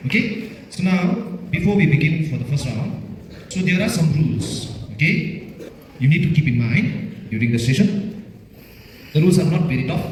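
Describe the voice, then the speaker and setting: Man as the quizmaster, patient and repetitive, lively up-and-down delivery, mellow tone, caught from far off in an echoey hall with faint noise. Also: on the high side. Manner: patient, repetitive, checks understanding with frequent "okay?". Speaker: spelling bee pronouncer and quizmaster. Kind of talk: explaining contest rules to pupils. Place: large echoey school hall.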